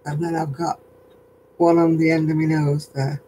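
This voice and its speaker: An older woman from northern England with a softened regional accent, hosting a casual craft live stream, chatting with viewers and chuckling often. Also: low voice, level tone, moderate pace, slight background noise, rough recording. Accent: softened northern English. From Oldham, England. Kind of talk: casual chat answering viewer comments.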